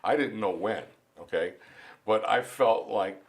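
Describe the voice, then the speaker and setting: A man in a studio interview, earnestly telling a personal faith story with animated delivery and frequent repeated words as he restarts. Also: fairly low pitch, measured pace. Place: recording studio.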